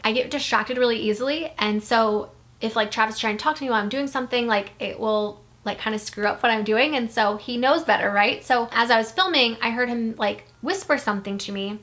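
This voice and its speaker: A woman's voice: a little high, a bit bright. A young woman vlogger telling a spooky story in a casual, chatty way, full of "like". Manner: chatty, fills speech with "like".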